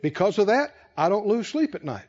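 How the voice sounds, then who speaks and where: A man with a strikingly high voice delivers an impassioned sermon from the pulpit. He drives home his points by repeating phrases and swelling toward shouts. The recording sounds a little dull and muffled. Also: very animated, a little fast, husky. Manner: emphatic preaching, repeating key phrases with rising intensity. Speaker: pastor.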